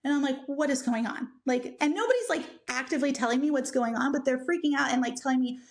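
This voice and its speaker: A young woman co-hosting a podcast, telling a personal story in a casual, animated way and acting out what people said. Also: high voice, quick pace, creaky. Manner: animated, acts out quoted people, many "like" fillers. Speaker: podcast co-host.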